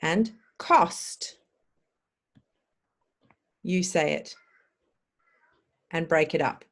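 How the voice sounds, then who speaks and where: A woman's voice: low-pitched, drawn-out words. A woman teaching English pronunciation, spelling sounds out and prompting the listener to repeat them. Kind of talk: slow drilled pronunciation lesson.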